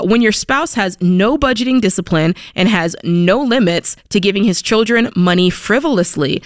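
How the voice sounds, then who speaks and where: Brief: female co-host, chatty and affirming, mid-pitched, dry close mic. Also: no echo. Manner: quick affirming interjections. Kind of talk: casual advice talk.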